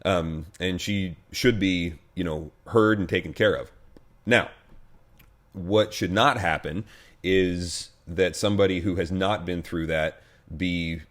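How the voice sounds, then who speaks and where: An American pastor with a deep, low-pitched voice talks through church news in a relaxed, conversational way. He restarts sentences often and leans on fillers, with a dry, wry edge. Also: slow. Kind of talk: casual video commentary.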